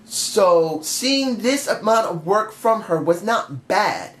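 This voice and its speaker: A man's voice: sits high, expressive, slow pace, a bit bright. A man giving an emotional, passionate review in a casual monologue straight to his viewers. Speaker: wrestling show reviewer. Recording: echoey room.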